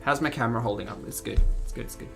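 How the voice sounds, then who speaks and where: A woman's voice: a bass voice, rapid-fire, vocal fry, music in the background. An Australian woman with a mild accent, chatting casually with her livestream audience and laughing often as she reads the chat. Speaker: streamer.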